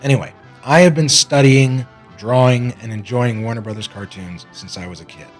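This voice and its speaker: A man's voice: mid-range voice, normal speed, soft background music. A man hosting his own cartoon review show, delivering an opinionated monologue with sarcastic rants and self-mocking asides. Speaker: cartoon critic and host.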